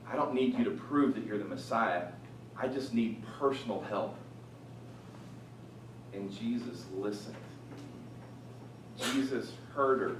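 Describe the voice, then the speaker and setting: A man teaching through a Bible passage, animated, rising loud on quoted lines and dropping quiet for asides. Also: medium pitch, far from the mic, slight background noise. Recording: echoey room from off-mic, faint ambience.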